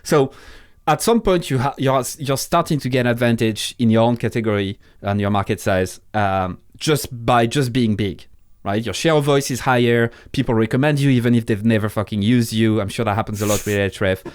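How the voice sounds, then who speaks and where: A man's voice: medium pitch, fairly quick, hardly any pauses, clear, resonant tone, dry recording, clean studio sound. A man with a French accent, a podcast guest in casual interview talk, blunt and swearing freely, often restarting his sentences. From France.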